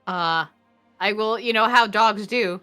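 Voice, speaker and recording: Bright-voiced woman, hesitant player. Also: medium pitch, measured pace, smooth, faint music behind. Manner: hesitant, many ums and uhs. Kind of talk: casual tabletop play.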